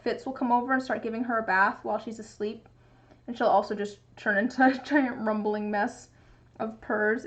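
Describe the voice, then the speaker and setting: A young woman streaming casually, chatting to viewers and cooing at her cat in a baby voice. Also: fairly high pitch. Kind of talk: casual livestream chat. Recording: muffled lo-fi stream audio.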